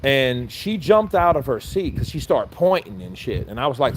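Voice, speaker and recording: A man's voice: mid-range voice, very animated, normal speed, a little hiss or hum. A man telling a personal story in a casual, profane, rambling rant, full of restarts and quoted back-and-forth dialogue. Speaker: commentator.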